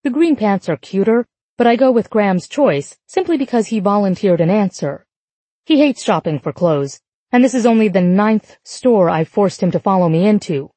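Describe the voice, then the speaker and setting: A woman's voice: medium pitch, expressive, normal speed, dark tone, no echo. A woman narrating a first-person romance audiobook in an intimate, lightly amused tone.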